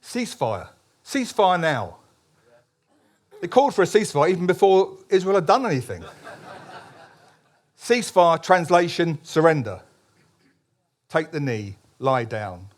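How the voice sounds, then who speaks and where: A man's voice: on the high side, lively intonation, normal speed, pauses often. A man, a columnist, giving a public speech at a political meeting, emphatic, with frequent restarts and ironic asides.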